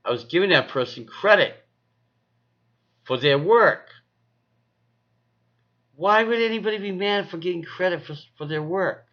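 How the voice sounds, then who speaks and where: Rambling man talking to camera, bright voice. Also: sits high, lively intonation, a little slow, long pauses, lo-fi sound. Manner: rambling, repeats himself, coos at his cat. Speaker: vlogger. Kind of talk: casual vlog talk to camera.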